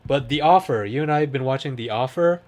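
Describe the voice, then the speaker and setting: A man's voice: medium pitch, quick pace, darkish tone. Easygoing man chatting about shows. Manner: rambling, laughs often, breaks into movie quotes. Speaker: podcast co-host. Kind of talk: casual chat.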